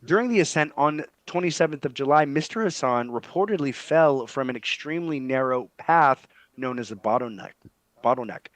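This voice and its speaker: A man hosting a casual comedy podcast, excitably chatting and reading a news story aloud. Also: mid-range voice, fairly quick, dry recording, poor audio. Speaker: podcast host.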